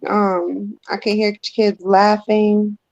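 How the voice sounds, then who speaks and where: A woman psychic medium giving a live-stream spirit reading, gentle and casual. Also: mid-range voice, unhurried, no room sound. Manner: emotional, gentle, casual colloquial. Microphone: phone. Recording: dull muffled phone audio.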